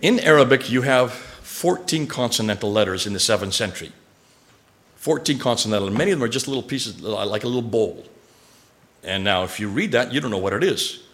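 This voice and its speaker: A man lecturing a live audience, animated and quizzing listeners with rhetorical questions. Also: medium pitch, fairly quick.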